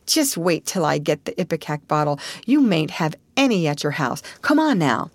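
A woman's voice: lowish voice, animated, moderate pace, a little mellow, no room sound, lightly acted. Imaginative young girl who talks a stream, eager and a bit dramatic, read by a woman. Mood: cheerful reassuring. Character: chatty imaginative young orphan girl, Anne.

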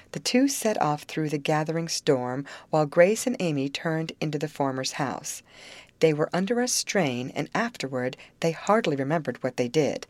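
A woman narrating a storybook chapter in an even, measured manner. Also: sits low, dry recording. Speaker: audiobook narrator. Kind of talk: scripted narration.

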